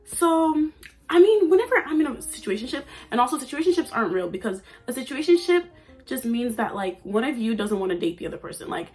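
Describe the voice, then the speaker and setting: A woman's voice: a little high, sing-song, a little fast, darkish tone, soft background music. A nineteen-year-old woman vlogging at home in a chatty, playful, oversharing way. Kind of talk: casual chat. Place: at home under a ring light.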